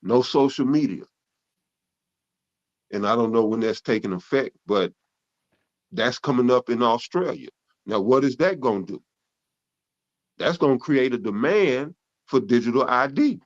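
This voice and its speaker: A man's voice: medium pitch, expressive, a little slow, pauses often, muffled recording. Loose-talking man teaching scripture. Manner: loose, conversational, with frequent restarts and profanity. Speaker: Bible teacher. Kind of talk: casual spoken Bible teaching.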